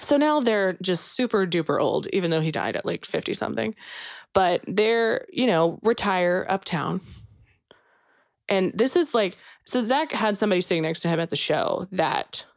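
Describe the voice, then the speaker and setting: A woman's voice: medium pitch, expressive, moderate pace, vocal fry, no echo, clean studio sound. A young woman co-hosting a casual chat, telling a story in a rambling, filler-heavy way full of "like" and "you know," and growing emotional at the sad parts. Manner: gushing and emotional when recounting sad moments. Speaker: podcast co-host.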